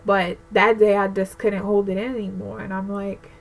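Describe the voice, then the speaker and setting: A woman's voice: mid-range voice, little pitch movement, moderate pace, gravelly, rough recording. A pregnant young woman vlogging a candid, emotional rant to camera, rambling with lots of fillers. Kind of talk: casual personal rant to camera.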